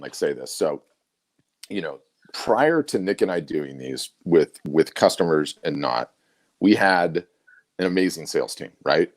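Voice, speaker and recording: A middle-aged man with a very low voice co-hosts a casual webinar. He tells stories animatedly and keeps restarting his sentences. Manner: animated storyteller, many restarts. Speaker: co-host.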